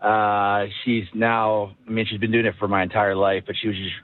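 Radio guest, man, 30s, from Ohio; relaxed, rambly delivery, tinny phone-quality sound. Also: fairly low pitch, moderate pace, a little hiss or hum. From Ohio, USA. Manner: relaxed, rambling with many fillers and restarts. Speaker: guest, pro football quarterback. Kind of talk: casual interview chat.

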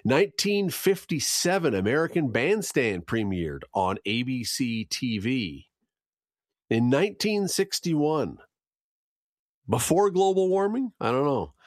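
Lively chatty male radio host. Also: mid-range voice, no echo, studio quality. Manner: lively, chatty, jokes aside. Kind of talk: morning radio news and chat.

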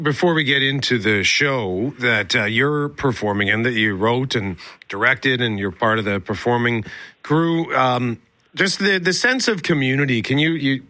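Bright-voiced radio host. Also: male voice, medium pitch, no room sound. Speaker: radio morning show host. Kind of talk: live radio interview.

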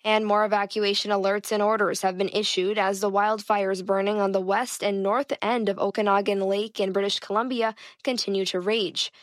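A woman reads the news in a measured, formal way. Her voice sits in a middle range. The studio sound is dry and close, with no room around it. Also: mid-range voice, level tone, no echo. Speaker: news anchor. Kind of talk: news reading. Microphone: studio mic.

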